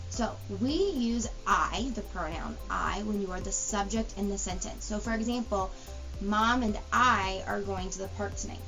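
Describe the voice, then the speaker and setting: A woman teaching a grammar lesson to young students, patient and explanatory, slowing down to spell out example sentences. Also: mid-range voice. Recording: dull lo-fi recording with faint music.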